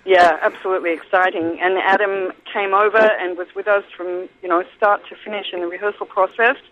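A woman's voice: medium pitch, steady tone, a little fast. Australian woman on a tinny phone line. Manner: chatty, thinks aloud with frequent ums and restarts. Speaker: guest actor. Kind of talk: casual interview over the phone. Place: airport waiting area.

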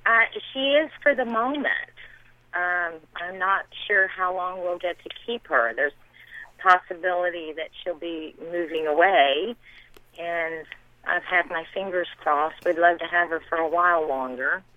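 A middle-aged woman from the American South, a theater director answering interview questions and warmly praising her colleagues. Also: lowish voice, measured pace, dry recording. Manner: warm, enthusiastic praise of colleagues. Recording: tinny phone-line sound.

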